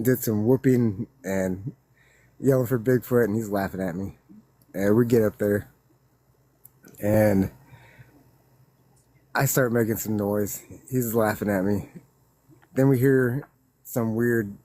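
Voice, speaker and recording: A man telling a witness story in a loose, rambling way, laughing and growing excited as he recounts it. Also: on the low side, no room sound. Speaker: witness guest. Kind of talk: casual storytelling.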